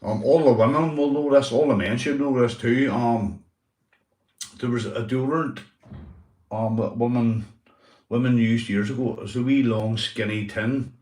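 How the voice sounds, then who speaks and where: A man from Northern Ireland hosts a casual livestream chat, rambling, swearing, and calling everyone mate. His medium-pitched voice is steady and a little mellow at normal speed, recorded in an echoey room with the mic at a distance.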